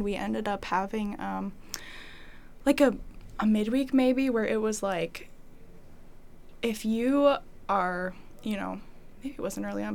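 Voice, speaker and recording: In a casual testimony conversation, a young woman rambles through how she came to faith, saying "like" a lot and often acting out her earlier thoughts. Her voice is medium-pitched and creaky.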